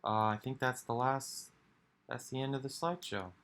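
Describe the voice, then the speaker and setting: A man's voice: mid-range voice, steady tone, moderate pace, fairly bright tone, slight background noise. A man giving a rambling, reflective monologue for his video, musing aloud with sighs and restarts. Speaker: video creator.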